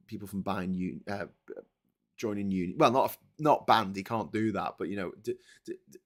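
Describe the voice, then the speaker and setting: A middle-aged man from England hosting a live stream, chatting casually, reading out viewer comments, swearing and restarting his sentences. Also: on the low side. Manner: rambling, swears, frequent restarts.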